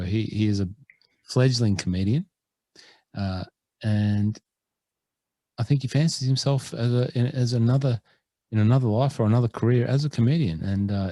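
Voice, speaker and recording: A man's voice: fairly low pitch, warm tone, no room sound. Australian man, chatty podcast co-host. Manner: chatty, self-deprecating, rambling. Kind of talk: casual chat.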